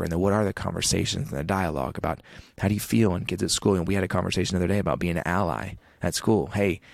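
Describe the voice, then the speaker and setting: A man with a low, gravelly voice speaks as a guest on a podcast. He talks in an earnest, reflective way, often restarting his sentences. The sound is dry and close to the mic. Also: dry recording. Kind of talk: podcast conversation.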